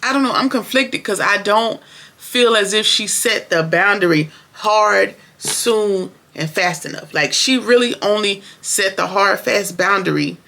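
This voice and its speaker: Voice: mid-range voice, unhurried, creaky, bright, forceful tone. A show reviewer recapping an episode in casual, opinionated, slangy chat, talking straight to viewers.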